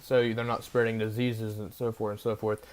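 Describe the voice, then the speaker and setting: A man's voice: on the low side, level tone, moderate pace, a little mellow. A young man casually telling a rambling story on his vlog, full of fillers and tag questions. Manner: rambling, filler-heavy, keeps asking "right?". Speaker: vlogger.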